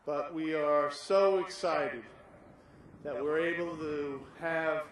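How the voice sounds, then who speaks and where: A man's voice: fairly high pitch, fairly even intonation, slow pace. Breathless man announcing across a field. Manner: loud, enthusiastic announcing. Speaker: league president. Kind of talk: welcoming speech over a PA. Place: outdoor ballfield. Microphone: PA microphone heard from afar. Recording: very echoey PA from far off, noisy.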